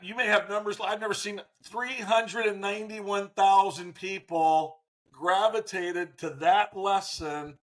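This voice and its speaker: A man in his sixties, a former baseball manager, telling lively stories as an interview guest and acting out what people said. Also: high voice, measured pace. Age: 60s. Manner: animated, acts out quotes in voices. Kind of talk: storytelling in a faith interview.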